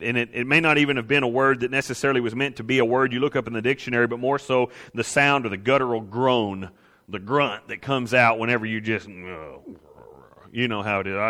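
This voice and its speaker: A man's voice: mid-range voice, sharp tone, long reverb tail. A man preaching a sermon in a conversational way, now and then acting out the grumblers he quotes. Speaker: pastor.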